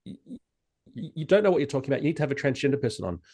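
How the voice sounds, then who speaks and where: Man, podcast guest, mid-pitched voice, lively, stumbling, jumps up when acting out others. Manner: animated, acts out quoted exchanges in raised voice; halting, frequent restarts. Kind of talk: casual podcast chat.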